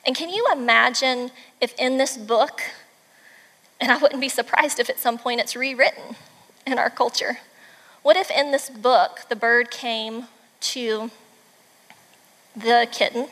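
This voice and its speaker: A woman with a high voice gives a devotional talk, animated and emphatic as she tells the story. A long reverb trails her words. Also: a little slow, long pauses. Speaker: mother and devotional speaker. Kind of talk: devotional talk retelling a children's book.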